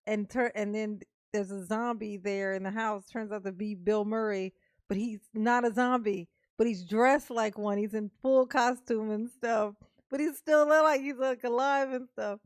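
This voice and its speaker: Animated, swearing woman reaction host. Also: a little high, normal speed, no room sound, clean studio sound. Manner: animated, laughing, swearing freely. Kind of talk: casual reaction commentary.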